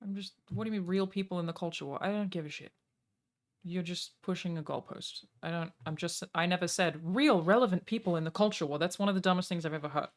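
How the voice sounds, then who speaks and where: A woman's voice: lowish voice, fast. Woman streamer, casual chat, blunt, exasperated, swears a lot.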